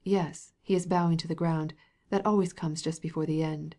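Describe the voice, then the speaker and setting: A woman narrating a classic novel in a measured, even audiobook reading. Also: low voice. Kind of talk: scripted narration.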